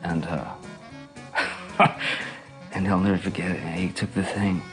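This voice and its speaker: A middle-aged man in an interview, reminiscing in a relaxed, rambling way with lots of fillers and chuckles. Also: deep voice, unhurried, over music. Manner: relaxed, rambling, full of "you know"s and laughs.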